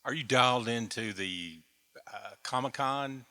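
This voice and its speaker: A man's voice: medium pitch, unhurried, sharp tone. A man in the audience hesitantly asking the speaker a question. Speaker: audience member. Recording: far off in a reverberant hall.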